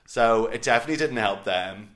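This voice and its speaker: A man co-hosting a podcast, chatting in an animated, casual way and swearing now and then. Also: mid-range voice, fairly quick. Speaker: podcast co-host. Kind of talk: casual chat recapping a reality show.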